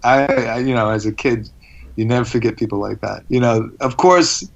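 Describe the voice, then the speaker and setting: A man rambles through his stories as an interview guest, animated and full of restarts. His pitch sits in the middle. The sound is a little dull and lo-fi. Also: moderate pace, creaky, background noise. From United States. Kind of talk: casual interview.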